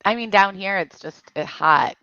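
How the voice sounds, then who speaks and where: A woman's voice: mid-range voice, moderate pace, gravelly, bright, forceful tone, dry recording, highs cut off. A woman in her forties from Michigan, hosting a casual chat and telling stories, laughing often as she talks. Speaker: channel host.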